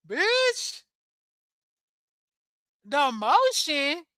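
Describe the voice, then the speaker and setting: A woman hosting a casual livestream, reading chat comments aloud and answering them bluntly, cursing often and laughing loudly at her own jokes. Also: high voice, dry recording.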